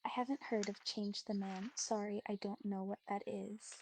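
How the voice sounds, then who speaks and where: Reassuring woman chatbot voice, calm and polite, a bit of fry. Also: medium pitch, normal speed, a little hiss or hum. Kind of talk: calm conversational replies.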